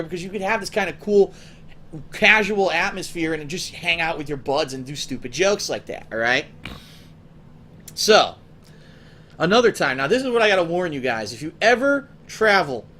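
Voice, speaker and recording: A man's voice: high voice, fairly bright tone, slight background noise. A man casually telling profane, rambling stories to his viewers as a gaming show host, acting out his friends' voices as he goes.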